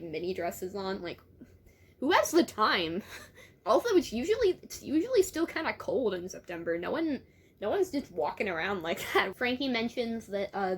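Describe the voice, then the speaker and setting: A woman's voice: mid-range voice, slight background noise. A young woman who reads a teen novel aloud and breaks off often into chatty, amused asides. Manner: chatty, amused, laughs often and interrupts her own reading. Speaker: book reviewer. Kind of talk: casual reading and commentary.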